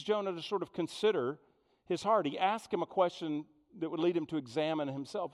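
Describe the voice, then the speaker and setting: Animated male pastor preaching, lots of questions, echoey hall. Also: a little high, fairly quick. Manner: animated, fond of rhetorical questions. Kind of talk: sermon.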